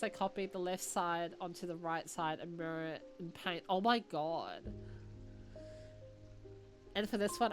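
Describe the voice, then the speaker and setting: Chatty young woman streaming a game. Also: mid-range voice. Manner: chatty and excitable, thinking aloud and reading on-screen text. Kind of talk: casual live-stream chat while playing a puzzle game.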